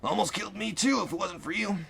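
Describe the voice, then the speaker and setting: A man's voice: high voice, fast talker, creaky, a bit bright, slightly rough, voice pushed up, exaggerated voice. A man voicing a wounded male mercenary leader in a mask who talks in a dry, matter-of-fact way. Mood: wry. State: hurt, coughing.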